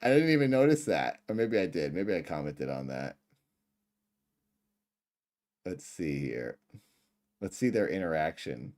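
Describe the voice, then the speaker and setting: A man's voice: low-pitched, measured pace, long pauses. A man in his thirties hosting a casual livestream, reacting to an old video and laughing at himself. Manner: animated, laughs often at himself. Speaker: livestream host.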